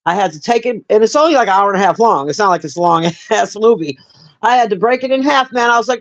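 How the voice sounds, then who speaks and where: A woman's voice: medium pitch, lively intonation, fast, dull audio. A woman giving a casual, rambling movie review on a livestream, blunt and profane, chatting with viewers in between. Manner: chats with live viewers.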